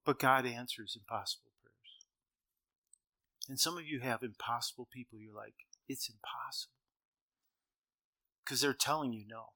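His pitch is medium and his pace moderate as this middle-aged preacher, bright and forward in tone, speaks to a big crowd. The storytelling moves between loud emphasis and quiet, some lines projected hard while others sink almost to a whisper-like murmur.

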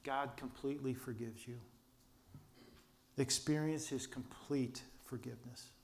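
An older man preaching a sermon, telling a story earnestly with restarts and quiet asides, his voice held back by vocal cord damage. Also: mid-range voice, fairly even intonation, unhurried, vocal fry, a little hiss or hum. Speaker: pastor.

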